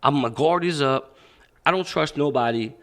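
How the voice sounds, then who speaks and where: Profane, animated male storyteller. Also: on the high side, moderate pace. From Pakistan. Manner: profane, animated, acts out quoted dialogue. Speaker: boxing coach, podcast guest. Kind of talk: candid storytelling interview.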